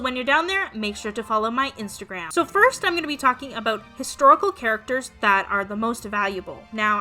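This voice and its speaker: A woman's voice: on the high side, sharp tone. A young woman hosting her own vlog, chatting to viewers in an upbeat, casual way. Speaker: doll collecting channel host.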